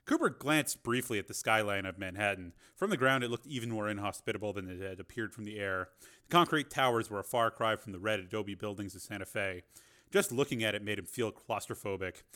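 A man's voice: lowish voice, brisk, sharp tone. A man narrating a novel as an audiobook, reading steadily with the odd filler.

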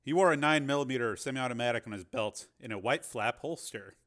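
A man's voice: medium pitch, fairly quick, a bit bright. A man narrating a novel as an audiobook, reading steadily with the odd filler.

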